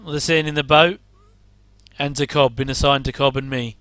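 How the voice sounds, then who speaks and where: Chatty man, bright crisp voice. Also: medium pitch, steady tone, normal speed, no room sound. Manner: chatty, rambling asides, wry jokes and chuckles. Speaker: commentator reacting to an old TV episode. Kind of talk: casual watch-along commentary.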